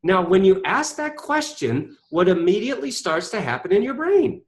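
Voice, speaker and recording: A middle-aged man with a high voice tells his story to an interviewer. His pitch leaps up and down, and he drives his points home with emphatic rhetorical questions. He sounds like a speaker used to holding a room. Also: very animated, moderate pace. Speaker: interview guest, author and speaker. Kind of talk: animated storytelling.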